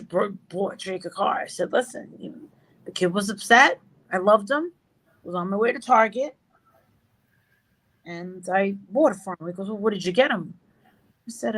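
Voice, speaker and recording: A middle-aged woman with a slightly high voice, chatting as a guest. She talks loosely and bluntly, swears freely and acts out every line of dialogue in her stories. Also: a bit bright, rough recording. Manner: swears freely, tells stories with reported speech. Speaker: interview guest. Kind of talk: casual chat.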